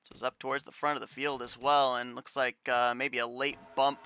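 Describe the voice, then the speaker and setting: A man's voice: mid-range voice, little pitch movement, brisk, sharp tone, clear, resonant tone. A man calling a sim racing broadcast, steadily explaining replays and standings as play-by-play commentator.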